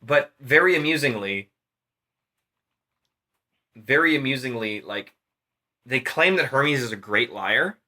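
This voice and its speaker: This podcast storyteller speaks with a medium pitch at a measured pace, leaving long pauses. Tipsy and relaxed, he retells a myth while swearing nonstop. He's animated and performs the characters' lines.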